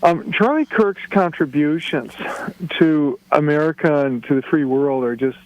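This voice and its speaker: Male radio caller, earnest, pausing often; slightly raised pitch over a dull phone line. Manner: earnest, steady, frequent "um" pauses. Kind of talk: phoned-in political commentary.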